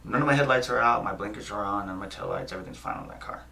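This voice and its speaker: A man's voice: lowish voice, rapid-fire, gravelly. A man in his thirties, a podcast guest who is an MMA fighter and coach, telling a story casually and with lots of swearing. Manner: profane, animated anecdote teller. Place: podcast studio. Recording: voice a bit far from the mic.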